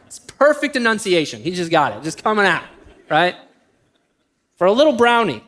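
High-voiced man preaching a sermon. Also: sing-song, fairly bright tone. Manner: storytelling, shifting between quick bursts and slow emphatic phrases. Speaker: pastor.

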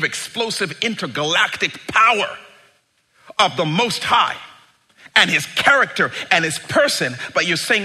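A middle-aged man preaching a sermon, dramatic and emphatic, moving between quiet asides and loud bursts. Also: on the high side. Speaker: pastor.

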